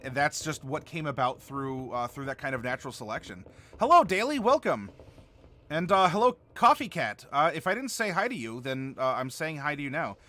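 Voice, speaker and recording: A man's voice: fairly high pitch, pushed and bright. A man hosting a live stream, chatting casually and answering viewer comments while he builds a game character. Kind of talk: casual livestream chat.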